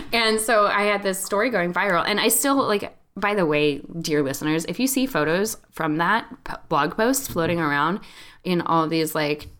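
A woman in her thirties, a podcast host, telling a long story in a chatty, animated way, full of "like" fillers. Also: fairly low pitch, measured pace. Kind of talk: casual storytelling chat.

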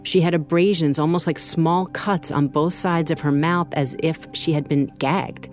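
A woman co-hosting a true crime podcast, narrating in an earnest, measured way. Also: deep voice, steady tone, darkish tone, soft background music. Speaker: podcast co-host.

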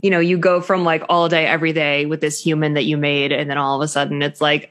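A woman in her thirties in casual chat, candid and self-deprecating, animated and prone to swearing. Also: sits low, quick pace, hardly any pauses. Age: 30s.

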